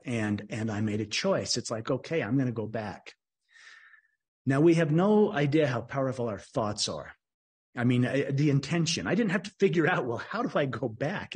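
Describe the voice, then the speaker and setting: Earnest man telling a halting story. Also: medium pitch, a little mellow, breathy edge. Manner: earnest, halting, with frequent restarts. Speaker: speaker. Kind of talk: personal storytelling talk.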